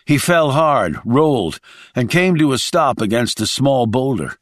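A man's voice: medium pitch, very animated, measured pace, dry recording, studio quality. A man reading a thriller audiobook in a dramatic storytelling voice. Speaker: audiobook narrator. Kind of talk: scripted thriller narration.

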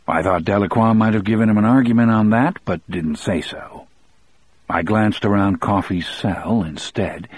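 A man reading an audiobook in a measured, unhurried storytelling way. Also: on the low side, a little mellow, breathy edge, dry recording. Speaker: audiobook narrator. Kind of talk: audiobook narration.

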